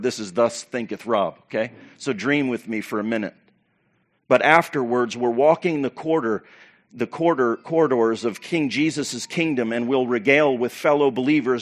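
A pastor preaching to his church, animated and preacherly, with loud bursts and quiet asides. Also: medium pitch. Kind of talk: sermon.

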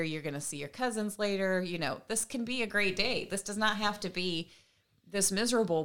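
A woman co-hosting a podcast, telling a parenting story in a casual, animated way and acting out the conversations. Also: mid-range voice. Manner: animated, acts out remembered conversations with laughs. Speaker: podcast co-host and mother.

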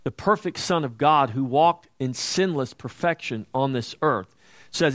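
Slow, emphatic male preacher. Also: no room sound. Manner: slow, emphatic preaching that rises loud and high at questions and quoted scripture. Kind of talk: sermon.

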